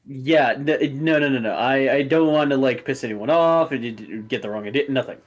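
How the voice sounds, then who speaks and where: A young man narrating as game master, relaxed, with lots of fillers. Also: mid-range voice, brisk. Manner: relaxed, frequent fillers, laughs easily.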